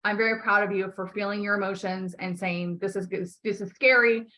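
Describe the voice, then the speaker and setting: A woman's voice: mid-range voice, fairly even intonation, a little fast, bright, forceful tone. A woman life coach on a call, talking bluntly and emphatically, swearing often and repeating key phrases to encourage her client.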